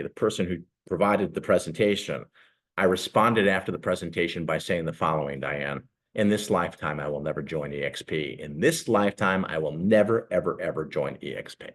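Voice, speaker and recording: On a live call, a man in his sixties who recruits for real estate makes a sales pitch, sharing his story earnestly and pausing with emotion. He speaks in a low voice.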